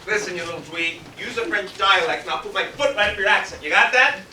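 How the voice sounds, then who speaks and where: A man acting a vain, pompous stage director with a theatrical, shouty manner, recorded far off in an echoey hall. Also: high-pitched, quick pace. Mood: grandiose. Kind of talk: amateur stage comedy acting. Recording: echoey stage from a distant mic, faint hiss.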